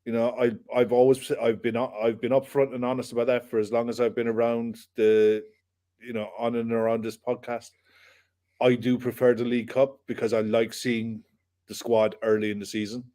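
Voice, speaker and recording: Man, football podcast co-host, rambling, laid-back, medium pitch. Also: normal speed. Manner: relaxed, rambling, repeats himself. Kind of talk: football reaction podcast chat.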